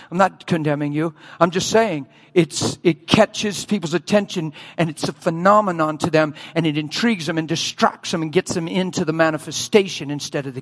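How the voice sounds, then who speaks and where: A man preaching a sermon as a story, animated, acting out voices and screams and often laughing. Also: a little high.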